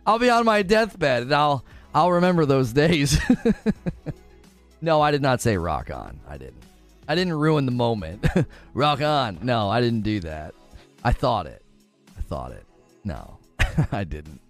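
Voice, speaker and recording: A man in his forties hosts a casual livestream chat. He tells stories in an animated, laughing way, and his voice rises and falls a great deal. Faint music plays underneath. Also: medium pitch, measured pace, long pauses. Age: 40s.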